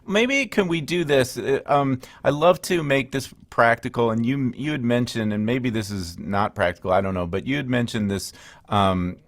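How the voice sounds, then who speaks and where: A middle-aged man hosting a legal podcast, chatting in a relaxed, thoughtful way. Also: medium pitch, normal speed, no room sound. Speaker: podcast host, lawyer. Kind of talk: casual interview chat.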